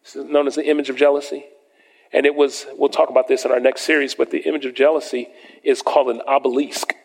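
A man preaching a sermon to a congregation, reading scripture slowly and emphatically and asking the listeners questions. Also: mid-range voice, flat delivery. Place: church sanctuary with congregation. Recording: long hall reverb.

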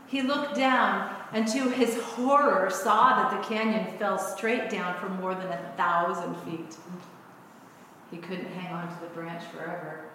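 A woman minister preaches slowly and without hurry, telling a story and then teaching from it. Her voice rings through a big, echoey church sanctuary with a long reverb tail and faint room noise. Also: medium pitch, steady tone, pushed and bright. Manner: storytelling, unhurried. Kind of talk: sermon. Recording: echoey hall.

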